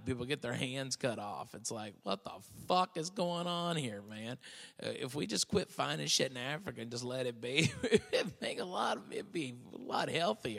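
A man's voice: medium pitch, gravelly, fairly bright tone, in a large hall. A man hosting a show in casual chat, blunt and profane, rambling and restarting his sentences. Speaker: podcast host.

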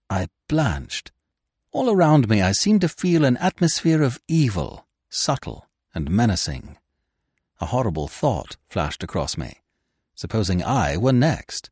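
A man narrating a classic story with an expressive, dramatic reading. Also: lowish voice, unhurried, husky, no echo, studio quality. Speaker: podcast narrator. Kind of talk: scripted audiobook narration.

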